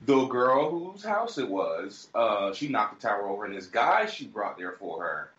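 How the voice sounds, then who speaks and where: A man co-hosting a podcast, telling a story in casual chat with lively, acted-out quotes. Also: fairly low pitch, moderate pace, reverberant, dull audio. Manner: animated storyteller, shouting out quoted lines. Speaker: podcast co-host.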